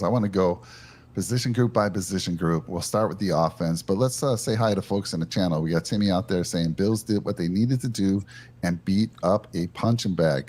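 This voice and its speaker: A man's voice: low voice, a little mellow. A man hosting a live postgame reaction show, upbeat and leading the talk. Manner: upbeat, leads the discussion. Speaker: podcast host.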